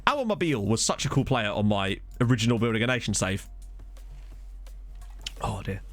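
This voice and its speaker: A man's voice: on the low side, very animated, normal speed, soft background music. A man chatting casually on a live stream as he plays a football management game, rambling and answering viewers. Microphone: desktop USB microphone.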